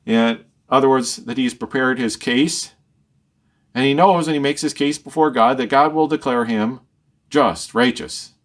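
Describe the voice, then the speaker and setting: A man's voice: mid-range voice, unhurried. A man leading a verse-by-verse Bible study, reading each verse and then explaining and rephrasing it. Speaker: Bible teacher.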